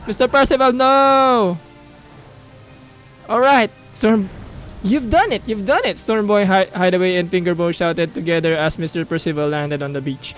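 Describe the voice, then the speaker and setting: A man's voice: high-pitched, moderate pace, soft background music. A young man with a Filipino accent playing a mobile game, reading its story text aloud and cheering. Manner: excitable, reads on-screen story text aloud, mixes in Tagalog asides. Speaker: gaming YouTuber.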